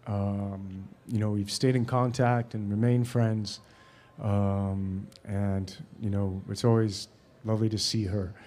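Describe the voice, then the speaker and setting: A man in his forties, an actor and director, answering audience questions with halting, filler-filled anecdotes and frequent laughter, on a stage before an audience. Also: fairly low pitch, warm tone. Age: 40s. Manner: halting, many fillers and restarts; laughs while telling stories.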